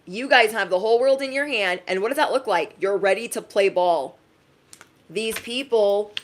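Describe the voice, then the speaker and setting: A woman giving a casual, emphatic live-stream reading, chatty and quick to laugh. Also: medium pitch. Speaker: tarot reader.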